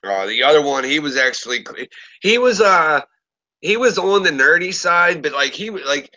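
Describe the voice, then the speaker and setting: A man in his thirties tells a story in loose, casual conversation. His voice is bright and forceful, and his speech is full of profanity. He acts out the lines of each person he quotes. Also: fairly high pitch, sing-song, moderate pace, poor audio. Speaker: podcast host.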